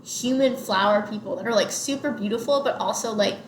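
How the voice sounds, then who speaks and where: A woman's voice: mid-range voice, a little fast. A young woman co-hosting a podcast, chatting casually about a movie and retelling scenes with lots of "like". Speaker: podcast co-host. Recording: roomy with faint background noise.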